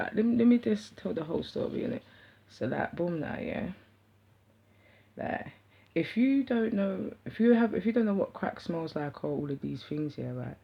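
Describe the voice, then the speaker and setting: Husky London woman telling stories. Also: sits low, moderate pace. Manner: slangy, animated, rambling. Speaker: vlogger. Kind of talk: casual storytelling to camera. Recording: dull lo-fi sound.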